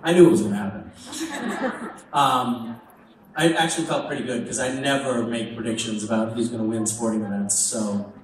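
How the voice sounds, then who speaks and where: A man with an average-pitched voice trades wry, self-mocking jokes with fans from a convention stage. His voice rings around a big, echoing hall, caught from a distance with a clear wash of background noise. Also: steady tone, normal speed. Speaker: convention panel guest answering fan questions. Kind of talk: joking, casual Q&A on stage. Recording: echoey hall picked up from afar, background noise.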